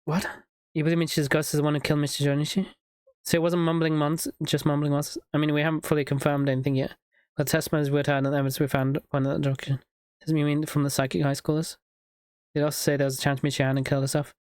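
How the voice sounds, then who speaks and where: A streamer reading game dialogue aloud, reading lines quickly and riffing between them. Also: medium pitch, flat delivery, a little mellow, clear, resonant tone, dry recording, clean studio sound. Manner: reads lines quickly, laughs and riffs.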